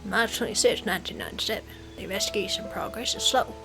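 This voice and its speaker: A woman's voice: mid-range voice, fast talker, gravelly, over music, close to an everyday voice, rough recording. A woman doing a brooding hard-boiled gumshoe. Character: hard-boiled male gumshoe writing case notes.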